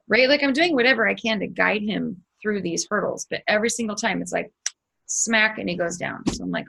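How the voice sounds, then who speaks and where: Gravelly-voiced woman telling a spiritual story. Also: medium pitch, normal speed, poor audio. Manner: swears freely, animated retelling with sound effects. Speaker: spiritual channel host.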